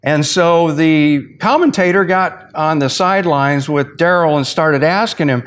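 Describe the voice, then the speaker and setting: A man giving an evening Bible teaching in a sermon style, folksy and chatty, slowing down on key phrases. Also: a little high, clean tone. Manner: folksy, uses sports stories to illustrate points.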